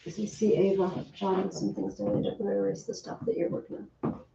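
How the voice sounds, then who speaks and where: A woman teaching a Latin class, chatty and lively, often asking the students questions. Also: mid-range voice, fairly quick, gravelly, background noise. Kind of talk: classroom lesson. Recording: distant, roomy, dull classroom recording.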